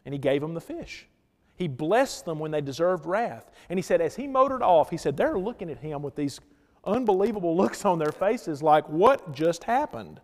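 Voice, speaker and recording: A man preaching a sermon as pastor, telling stories and swinging between loud emphatic lines and hushed ones. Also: a little high, animated, moderate pace, in a large hall.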